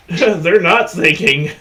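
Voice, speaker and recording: A man in a casual reaction chat, cracking deadpan jokes and laughing often. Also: fairly high pitch, drawn-out words.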